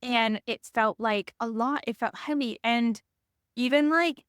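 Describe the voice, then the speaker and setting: A woman's voice: fairly high pitch, a little slow, fairly bright tone, clean tone, dry recording, clean studio sound. A woman hosting a podcast, talking in a loose, rambling way with many restarts. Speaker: podcast host. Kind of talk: casual conversation.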